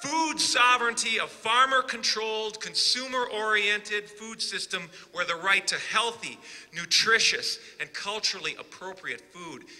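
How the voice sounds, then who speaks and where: A man giving an impassioned political rally speech, rising to shouted emphasis with sarcastic asides. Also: sits high, measured pace. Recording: long reverb of a large hall.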